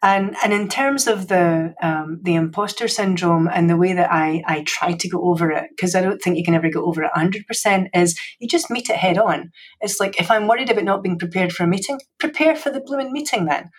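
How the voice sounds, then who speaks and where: A woman's voice: fairly low pitch, fairly quick, hardly any pauses, husky. A woman with a Scottish accent, a security executive talking as a podcast guest in a chatty, self-deprecating way with frequent restarts, heard over a video call from her home library. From Scotland. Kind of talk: casual podcast conversation.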